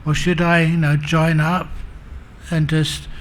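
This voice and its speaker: A man's voice: on the high side, little pitch movement, slow. A man giving a humorous Buddhist dharma talk as a monk teacher, telling stories and acting out the characters. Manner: humorous, self-mocking.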